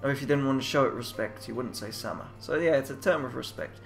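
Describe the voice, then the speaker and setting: A young man narrates a game playthrough, translating its Japanese text as he goes. He thinks aloud, trails off and doubts his own guesses, at a middling pitch, with game music playing softly behind him. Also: fast talker, gravelly. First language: English. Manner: muses aloud, trailing off and second-guessing himself. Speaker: let's player.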